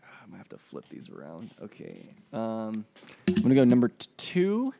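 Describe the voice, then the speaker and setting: A man's voice: fairly low pitch, wildly swooping pitch, normal speed, vocal fry, dark tone, a little hiss or hum. A man co-hosting a podcast, talking casually and hesitantly with many fillers. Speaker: podcast co-host. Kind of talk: casual chat.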